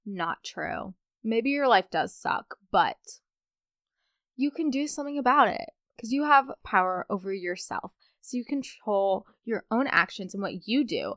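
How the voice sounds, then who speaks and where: A woman's voice: mid-range voice, expressive, a little slow, fairly bright tone, no echo, clean studio sound. Chatty young woman podcast host. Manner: chatty and rambling, with playful asides. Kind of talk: casual solo podcast chat.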